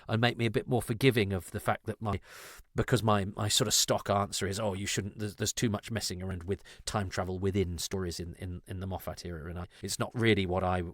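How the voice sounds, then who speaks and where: A man's voice: lowish voice, no echo, studio quality. A man hosting a podcast, talking in a rambling, self-interrupting, candid and reflective way. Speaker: podcast host. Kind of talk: casual conversational podcast discussion.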